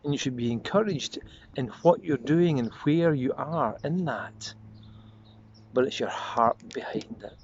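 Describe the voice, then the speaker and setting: A man preaching a short devotional sermon as a pastor, earnest and reflective, slowing and softening on repeated prayer refrains. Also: medium pitch, lively intonation. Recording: slightly dull lo-fi audio with faint noise.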